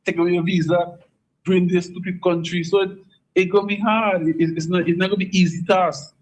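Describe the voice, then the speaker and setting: A man's voice: high-pitched, flat delivery, brisk, rough recording. A caller giving his opinion on a radio phone-in, speaking earnestly and stumbling over repeated words.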